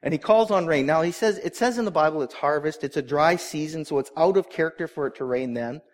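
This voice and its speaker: Male pastor, middle-aged, slightly high-pitched, earnest sermon delivery with congregational asides. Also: fast.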